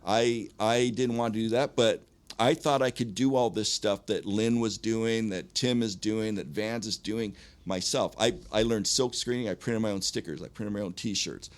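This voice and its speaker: A man's voice: fairly low pitch, moderate pace. A middle-aged man, a punk frontman guesting on a podcast, telling stories in a casual, profane way with frequent laughs. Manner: animated, profane, laughs often. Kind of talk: casual storytelling.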